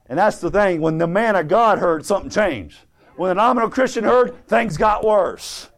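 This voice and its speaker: A man preaching with fervor and a high-pitched voice, his delivery climbing from quiet asides to loud exclamations. He reads old-English scripture aloud between points. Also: lively intonation, moderate pace. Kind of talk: sermon.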